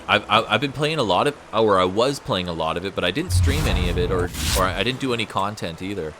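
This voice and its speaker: A man's voice: fairly low pitch, expressive, fast talker, background noise. A man giving casual gameplay commentary while he plays, laid-back and thinking aloud, often repeating words. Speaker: gaming streamer. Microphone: USB desk microphone. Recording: game music under the voice. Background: game music.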